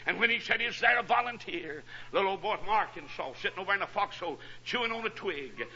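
A man preaching a fiery revival sermon, breaking his phrases with "uh" and climbing into shouts. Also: sits high, lively intonation, fast talker, slightly rough. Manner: punctuates phrases with "uh", rising to shouts. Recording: dull lo-fi radio broadcast.

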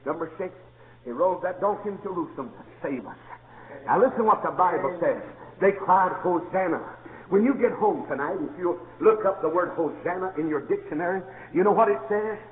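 A man preaching a sermon, telling stories and rising into shouted praise. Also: high-pitched, brisk. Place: church. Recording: echoey hall, tinny lo-fi sound.

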